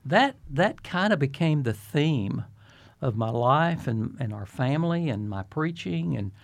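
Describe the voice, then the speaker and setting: An older man and retired pastor talks as a guest in an interview, earnest and preacherly. His voice sits at an everyday pitch. He often stumbles over his first words before a thought comes out. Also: expressive, a little slow, creaky. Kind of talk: reflective interview talk.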